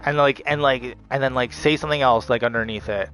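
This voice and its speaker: A man's voice: medium pitch, brisk, fairly bright tone. A man in the middle register talks straight to camera in a loose, repetitive monologue that circles back on itself. He sounds defiant and a little mocking, and faint music plays underneath. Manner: repetitive, heavy with "like" and "you know" fillers. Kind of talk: rambling motivational monologue.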